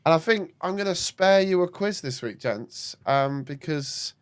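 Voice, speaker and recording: A man hosting a casual podcast, joking and swearing, then reading a brisk sign-off. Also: a little high, lively intonation, clear, resonant tone, dry recording. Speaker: podcast host.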